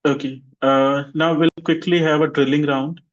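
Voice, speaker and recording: A man teaching an online English class, drilling pronunciation by slowly repeating words for his students. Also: on the high side, flat delivery, highs cut off. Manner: slow, deliberate repetition of words for students.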